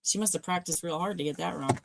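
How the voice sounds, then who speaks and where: Her voice fairly low, quick and creaky, a woman co-hosts a livestream movie watch party with casual banter, frequent laughter and half-finished sentences. A little hiss or hum sits under the recording.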